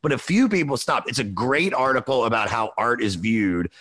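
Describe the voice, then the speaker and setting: Podcast host, male, mid pitch, eager and rambling, bone-dry booth sound. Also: normal speed, no echo. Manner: excitable, rambling storyteller. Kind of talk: casual chat.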